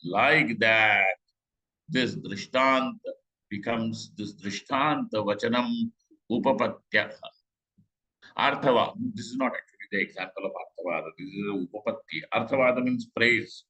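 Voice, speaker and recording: A middle-aged man giving a scripture class, talking conversationally with rhetorical questions and slow Sanskrit quotes. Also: on the low side, bright, forceful tone, rough recording. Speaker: Vedanta teacher.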